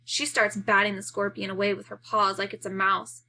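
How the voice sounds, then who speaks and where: Bright-voiced woman reading a novel aloud. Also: mid-range voice, level tone, moderate pace, slight background noise. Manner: reads narration plainly and raises her voice for the children's shouts. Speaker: reader. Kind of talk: audiobook reading of a children's novel.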